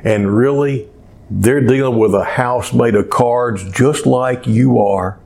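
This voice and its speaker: A man preaching from the pulpit of a small church at a slow, unhurried pace. His pitch sits in the middle range, and he speaks in a measured sermon style that lifts for emphasis. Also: gravelly, a little mellow. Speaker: pastor.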